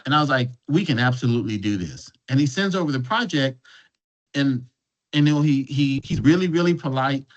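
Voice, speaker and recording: Guest speaker, man, mid-pitched, casual anecdotal delivery with restarts, muffled lo-fi audio. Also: expressive, a little fast. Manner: restarts and repeats words while telling a story. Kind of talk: conversational storytelling.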